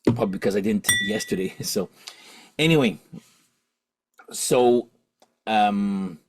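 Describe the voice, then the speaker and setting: A man's voice: slow pace, noisy background. A man hosting his rock channel, rambling through a story in a casual rant. He keeps correcting himself and asking "okay?", and he sounds tipsy. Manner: jumps higher in pitch and volume when quoting himself and his friend. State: drinking alcohol while recording. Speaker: host of a rock and vinyl channel.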